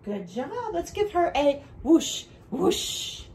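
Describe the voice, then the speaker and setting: High, lively woman teaching little kids. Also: slight background noise, rough recording. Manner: bright, sing-song teacher voice, slow and clear with the children. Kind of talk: home video lesson for young children. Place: room at home with children.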